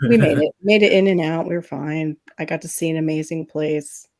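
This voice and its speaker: Lively low-voiced woman telling stories. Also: a little fast. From Florida. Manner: animated storytelling, laughs often. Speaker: livestream host. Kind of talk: casual chat.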